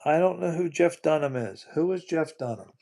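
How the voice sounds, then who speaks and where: A man's voice: a little high, animated, moderate pace, gravelly, warm tone. A man hosting a casual livestream, rambling and repeating his words, often breaking into disbelieving exclamations. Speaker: livestream host.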